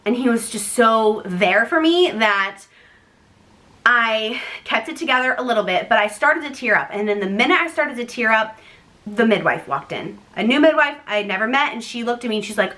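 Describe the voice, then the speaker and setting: Bright, chatty young woman vlogger. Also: fairly high pitch. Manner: chatty, animated, laughing, with quoted asides. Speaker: vlogger, first-time mom. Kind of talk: casual storytelling to camera.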